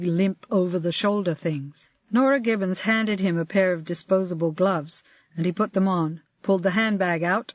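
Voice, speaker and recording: An audiobook narrator reading a crime novel in an even, measured way. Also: medium pitch, dry recording. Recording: dry, slightly dull lo-fi audio.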